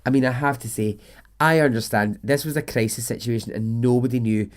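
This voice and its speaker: A podcast host, a man, speaks fairly quickly in a medium pitch as he tells a true story in casual narration. He stays chatty, lets a swear word slip here and there, and laughs at absurd details.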